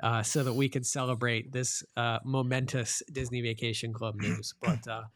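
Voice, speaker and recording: A man's voice: mid-range voice, flat delivery, normal speed, a bit bright. A middle-aged man hosting a live-streamed podcast, chatting in an upbeat, playful, teasing way. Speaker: podcast host.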